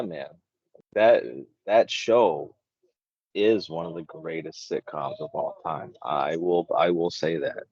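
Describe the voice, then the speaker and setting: Very deep gravelly guy on a podcast, cusses a lot, dry dull sound. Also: darkish tone, dry recording. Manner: blunt, swears freely, trails off. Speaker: podcast co-host. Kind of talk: casual chat.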